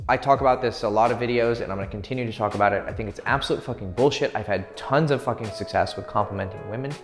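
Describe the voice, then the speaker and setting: Dating coach, a crude, cocky man talking straight to camera, echoey room with faint music behind. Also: on the low side. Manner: brash, crude and swaggering, acts out quick pick-up lines. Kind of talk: profane, direct dating advice.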